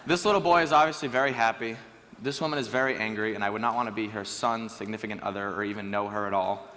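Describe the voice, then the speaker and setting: A teenage boy giving a lively, joking talk on stage to a school audience. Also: on the low side, fast. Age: teens. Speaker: student speaker. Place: school auditorium. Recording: reverberant hall with faint ambience.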